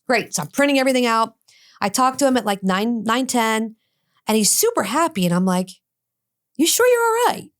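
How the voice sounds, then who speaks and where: A woman's voice: on the high side, a little fast. A middle-aged woman, a guest on a talk show, telling a personal story and acting out the dialogue she quotes. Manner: animated, acts out quoted dialogue. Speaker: addiction expert guest. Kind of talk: personal storytelling in a podcast interview.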